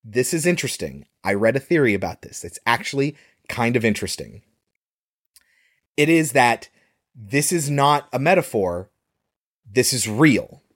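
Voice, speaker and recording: A man's voice: medium pitch, big pitch swings, normal speed, long pauses, a bit bright. A man co-hosting a film podcast in casual chat, retelling scenes sarcastically and swearing freely. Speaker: podcast co-host reviewing a film.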